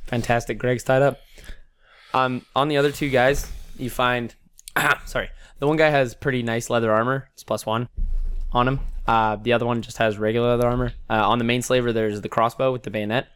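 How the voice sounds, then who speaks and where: A man's voice: mid-range voice, little pitch movement, brisk, a bit bright, clear, resonant tone. A man running a tabletop game as game master, his throat a little strained.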